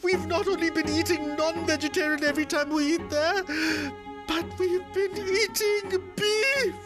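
A shrieking, scandalised aunty. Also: male voice, very high voice, fairly even intonation, measured pace, music in the background, voice pushed up. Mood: outraged. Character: shrill, excitable middle-aged Hindu housewife.

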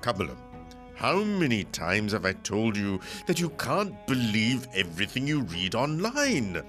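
A man voicing a placid, dismissive middle-aged husband who answers his wife calmly and flatly. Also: fairly low pitch, unhurried, soft background music, heavily acted. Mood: unbothered. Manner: calm, unbothered, flat.

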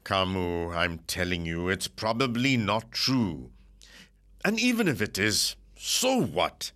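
A man voicing a placid, dismissive middle-aged husband who answers his wife calmly and flatly. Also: sits low, slow pace, exaggerated voice. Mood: unbothered. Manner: calm, unbothered, flat.

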